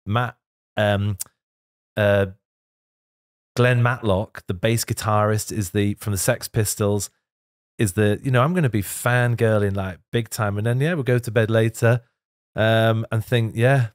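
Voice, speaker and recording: Middle-aged man, podcast guest, low-ish voice, heartfelt and chatty, dry studio sound. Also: steady tone, measured pace, no room sound. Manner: candid, laughs often, tearful at times. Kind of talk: emotional casual chat. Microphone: studio microphone.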